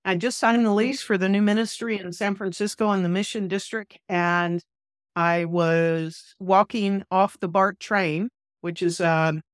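A woman minister telling a personal story as a podcast guest, with an animated, earnest delivery that acts out the dialogue she quotes. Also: medium pitch, measured pace, dry recording, clean studio sound.

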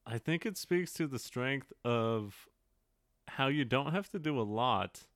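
A man co-hosting a podcast in casual chat, talking in a measured, explanatory, easygoing way on a close mic. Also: mid-range voice, animated, fairly bright tone, dry recording. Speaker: podcast co-host.

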